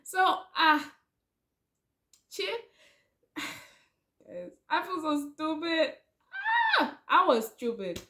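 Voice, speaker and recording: A young woman telling a storytime vlog, animated and chatty, talking straight to her viewers. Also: high-pitched, very slow, long pauses. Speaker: vlogger.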